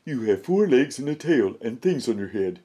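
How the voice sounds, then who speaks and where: A man's voice: medium pitch, big pitch swings, normal speed, warm tone, husky. A man voicing an earnest, stubborn young male moose in a read-aloud storybook, speaking in an insistent, emphatic way.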